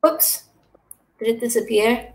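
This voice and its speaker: Canadian woman, relaxed lesson co-host, slow delivery, a bit high, giggly. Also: creaky. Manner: easygoing, laughs often, thinks aloud with restarts. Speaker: English teacher co-hosting a livestream. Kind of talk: friendly live online lesson chat.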